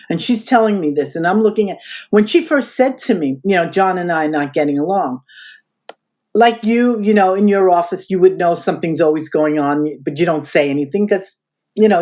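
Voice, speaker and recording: A woman in her seventies from the United States, a guest in an interview, telling a story and acting out the dialogue she quotes. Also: on the low side. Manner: animated storyteller who acts out quoted dialogue.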